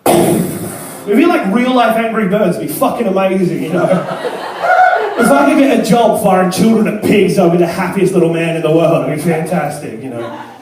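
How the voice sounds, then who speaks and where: A man's voice: high-pitched, big pitch swings, moderate pace, background noise. A young man performing a crude, self-deprecating stand-up comedy set in a club. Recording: echoey club from far off. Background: laughing crowd.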